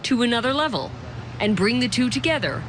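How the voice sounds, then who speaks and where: A woman reading a scripted news feature narration in a measured voice, with music behind her. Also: on the high side, expressive. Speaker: narrator, reporter.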